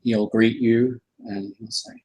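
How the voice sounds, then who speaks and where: A man narrating as game master in an unhurried way, with many fillers. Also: medium pitch, level tone, darkish tone, poor audio.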